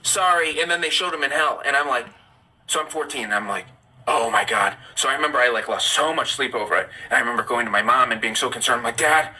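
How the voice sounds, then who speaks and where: A man's voice: mid-range voice, rapid-fire, pushed and bright, rough recording. A young man hosting a live stream, chatting casually and telling personal stories with candid asides. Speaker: livestream host. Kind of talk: casual live chat and storytelling.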